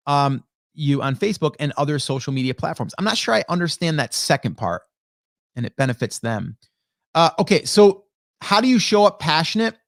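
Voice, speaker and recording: A man hosting a casual live stream who talks fast and gets fired up, tagging his points with "right?" and "okay?", close on a broadcast studio mic. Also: fairly high pitch, no echo. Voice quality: energetic, fired-up, rapid talker. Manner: rhetorical "right?" and "okay?" tags. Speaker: livestream host. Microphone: broadcast dynamic studio mic.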